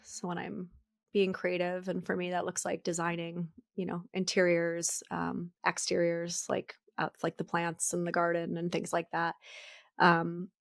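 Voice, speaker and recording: A woman's voice: on the low side, monotone, measured pace, creaky, dry recording, clean studio sound. A woman in her forties co-hosting a podcast, chatting casually and reflectively, laughing often. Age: 40s. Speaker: podcast co-host. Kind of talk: casual chat.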